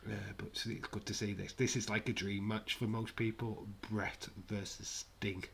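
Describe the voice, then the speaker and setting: A man's voice: on the low side, flat delivery, moderate pace, gravelly, fairly bright tone, a little hiss or hum. A man hosting a live wrestling watch-along, chatting casually with sarcastic, rambling asides.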